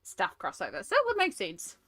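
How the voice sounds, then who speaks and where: A woman's voice: medium pitch, huge pitch swings, a little fast, a bit bright, no room sound. A woman with a New Zealand accent chatting and telling stories on a live stream while colouring, with frequent laughter. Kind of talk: casual chat while colouring.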